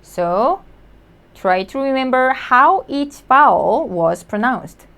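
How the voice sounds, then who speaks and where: Patient woman teaching slowly. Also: a little high, animated, fairly bright tone. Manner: patient, repeats sounds slowly for learners. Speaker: Korean language teacher. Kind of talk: slow spoken lesson.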